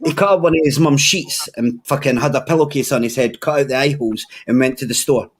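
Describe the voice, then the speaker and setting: A man's voice: mid-range voice, fast, slightly rough. A young Scottish man telling crude stories in a casual chat, swearing freely and laughing often. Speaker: podcast regular.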